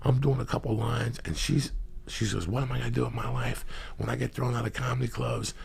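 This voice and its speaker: A man hosting a podcast, telling profane comedic stories in rambling anecdotes with loud bursts of emphasis. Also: medium pitch, steady tone, brisk, vocal fry, slightly rough. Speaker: podcast host.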